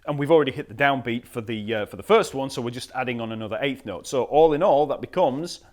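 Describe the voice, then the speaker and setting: A man teaching a bass lesson, patiently explaining rhythms, counting beats aloud and scatting the patterns. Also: fast, a little hiss or hum. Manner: relaxed, patient explaining with fillers. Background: bass guitar playing.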